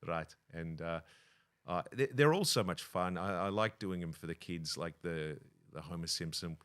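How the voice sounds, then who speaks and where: A man's voice: deep voice, normal speed, a bit bright, smooth. A middle-aged man, a comedian guest, chatting casually and slipping into impressions. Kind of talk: casual chat.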